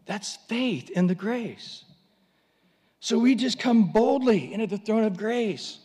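A man's voice: high-pitched, lively intonation, unhurried, darkish tone, husky, in a large hall. A man preaching a sermon, telling a story animatedly and acting out voices.

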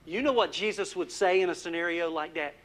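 A man preaching a sermon as pastor, putting questions to the congregation and dropping to a hush on key words. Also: high voice, a little fast. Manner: asks the congregation questions, drops to a hushed voice for emphasis.

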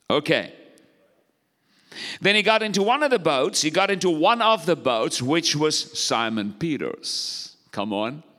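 Bright-voiced, high-pitched man preaching in a reverberant hall. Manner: exhorting, calls for congregation responses. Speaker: pastor. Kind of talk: sermon.

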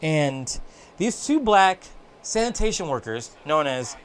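Laid-back podcast co-host, higher voice. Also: male voice, very animated, slow pace, a little hiss or hum. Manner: laid-back, storytelling, drops into mock voices. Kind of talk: casual podcast chat.

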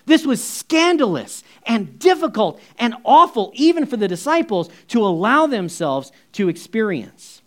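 A man preaching a sermon in a conversational, animated storytelling way, full of asides. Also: high-pitched, unhurried, hardly any pauses. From United States. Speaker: pastor.

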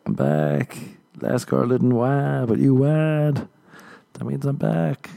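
A man's voice: medium pitch, takes it slowly, vocal fry, mellow, dry recording, clean studio sound, pitched above the performer's own voice. A man doing a cocky man bragging. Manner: cocky, triumphant. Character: boastful man bragging after sex.

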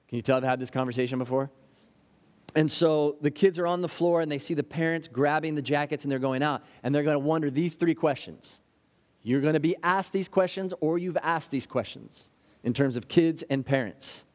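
A man's voice: a little high, brisk. A man preaching a sermon as a pastor, earnest and story-driven, sometimes acting out the anxious voices of children. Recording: hall with long reverb.

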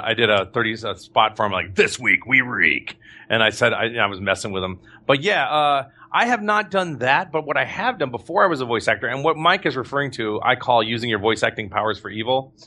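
A man who voices characters for a living, talking casually as a guest. His voice is bright and forceful. He tells his stories with lots of energy and slips in quick impressions along the way. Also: mid-range voice. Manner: animated storyteller, slips into voices. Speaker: voice actor guest. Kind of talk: casual chat.

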